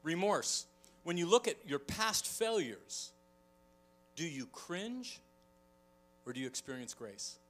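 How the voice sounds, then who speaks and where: A middle-aged male pastor preaches with a bright, forceful voice sitting a little high for a man. He tells stories in an animated way, slipping into quoted voices, with faint instrumental music playing underneath. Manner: animated storytelling, acts out quoted voices, chuckles often. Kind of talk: sermon.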